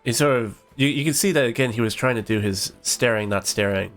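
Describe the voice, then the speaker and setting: A man acting as game master, describing what characters do in a relaxed way. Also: mid-range voice, a little fast, soft background music.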